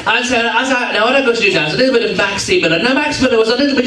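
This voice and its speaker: Racing along in a very high-pitched voice, a male entertainer teases and chats with his audience during comic stage patter. The setting is a function hall with a live crowd, recorded from a distance with roomy sound.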